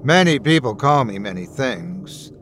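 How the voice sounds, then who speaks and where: A man's voice: medium pitch, expressive, measured pace, fairly bright tone, faint music behind. A man voicing a sinister, ageless male boogeyman who taunts with mocking glee. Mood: taunting. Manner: mocking, relishing cruelty.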